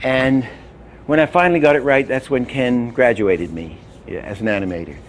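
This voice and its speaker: A man giving an animation lecture, telling anecdotes and acting out examples, often trailing off into quiet asides. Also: mid-range voice, moderate pace, slight background noise. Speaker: animation teacher.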